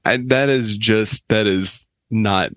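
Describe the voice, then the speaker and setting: A man's voice: on the low side, slow pace, fairly bright tone, clear, resonant tone, no room sound. A man co-hosting a comedy podcast, chatting casually and questioning the others. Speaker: podcast co-host. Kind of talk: casual chat.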